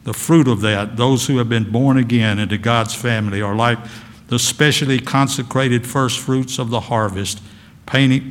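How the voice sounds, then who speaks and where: A man's voice: on the low side, long reverb tail. A male pastor preaching a sermon in a folksy, emphatic way.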